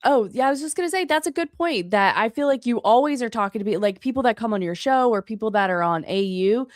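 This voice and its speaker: A woman's voice: a little high, animated, fast, no room sound, studio quality. A woman from the North Carolina foothills, co-hosting a casual podcast chat, laughing often and restarting her sentences.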